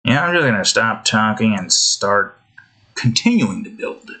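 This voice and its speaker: Guy rambling over his gameplay, slow, bright voice, keeps cursing and cutting himself off. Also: lowish voice, big pitch swings. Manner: rambling, self-interrupting, swears often. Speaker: game content creator. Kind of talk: gameplay commentary. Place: indoors.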